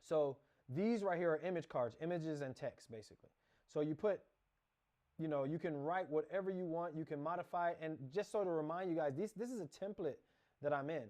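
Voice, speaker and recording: A man's voice: on the high side, fairly quick, darkish tone. A man teaching a casual screen-share lesson, talking through each click as he goes, often restarting and correcting himself. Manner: rambling, self-correcting, talks through clicks. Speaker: course instructor.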